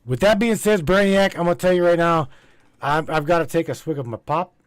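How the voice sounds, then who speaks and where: A spiritual livestream host with a slightly high, smooth voice talks fairly quickly, with no room sound. He addresses his live chat casually, rambling and repeating himself emphatically while swearing freely.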